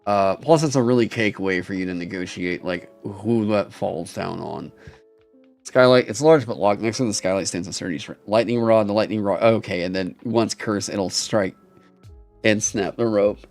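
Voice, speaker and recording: A young man on a live stream who reads game material aloud haltingly with many ums, then breaks into excited, swearing asides. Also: fairly low pitch, soft background music. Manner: swears casually. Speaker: streamer critiquing game designs. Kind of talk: casual live-stream critique.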